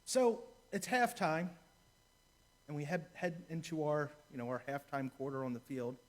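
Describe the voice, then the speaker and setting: Man preaching, higher voice. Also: normal speed. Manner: storytelling, repeats key phrases for emphasis. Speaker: deacon. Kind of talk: sermon. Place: church.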